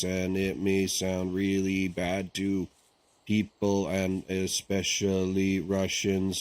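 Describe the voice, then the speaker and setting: A man's voice: deep voice, slow pace, darkish tone. A man streaming a game, talking casually in a rambling, chatty way and often checking in with "right?". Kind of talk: casual chat while gaming.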